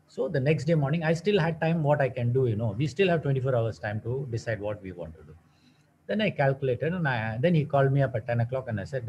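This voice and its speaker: A man's voice: fairly high pitch, animated, fast, a little mellow, lo-fi sound, slight background noise. A man giving a wellness talk as a naturopathic doctor, mixing teaching with a personal story and asking his listeners many rhetorical questions. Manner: asks rhetorical questions, repeats words for stress.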